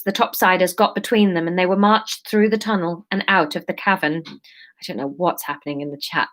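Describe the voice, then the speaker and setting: A woman's voice: mid-range voice, fairly bright tone. A woman in her thirties reading her story aloud on a livestream, breaking off into chatty, self-mocking asides. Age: 30s.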